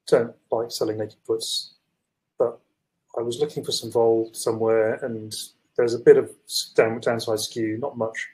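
Man, mid pitch, casual call, hesitant, rambling, lots of ums. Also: darkish tone, low-quality recording. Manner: rambling, hesitant, self-deprecating. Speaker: guest trader.

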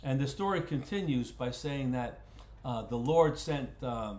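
A man's voice: medium pitch, animated, unhurried, a little mellow. Folksy man teaching Bible study in a roomy space. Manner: folksy, repeats words while thinking aloud. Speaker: pastor leading a Bible study. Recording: roomy echo.

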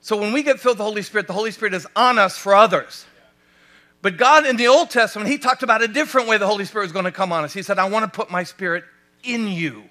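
A male pastor with an American accent preaching a sermon, animated and asking his congregation rhetorical questions. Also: high voice.

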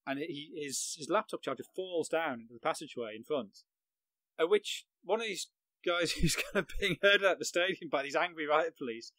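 His voice is a little high, bright and forceful, at a normal speed, in a dry, rough recording. He's a middle-aged English football journalist guesting on a podcast, laughing at himself as he vividly describes a match he covered.

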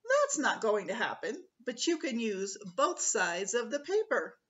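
A woman's voice: on the high side, huge pitch swings, a little slow, fairly bright tone, muffled recording, heavily acted. A woman voicing a cheerful, encouraging female fox teacher in a storybook.

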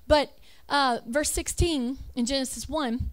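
High-voiced woman preaching emphatically. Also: unhurried. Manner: emphatic, rhetorical questions; reads lists aloud, self-correcting. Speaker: religious speaker. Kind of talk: preaching over slides.

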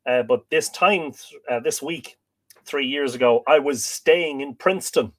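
A man's voice: mid-range voice, unhurried, a bit bright. An Irish man hosting a casual livestream, greeting viewers by name and making jokes as he reads out their comments. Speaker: livestream host.

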